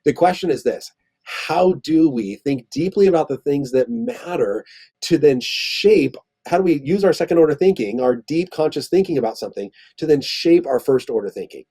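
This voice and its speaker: A man talks through an idea as a guest in an interview, thoughtful and long-winded, circling back and restarting phrases. His voice is slightly husky with a mellow, darker tone. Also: on the high side, animated, moderate pace. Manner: thoughtful, explains at length with restarts. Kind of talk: conversational interview.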